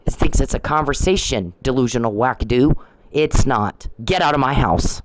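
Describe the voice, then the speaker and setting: A woman's voice: extremely low pitch, animated, moderate pace, poor audio. A middle-aged woman in a ranting vlog monologue, confrontational and repetitive, scolding someone directly. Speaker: vlogger.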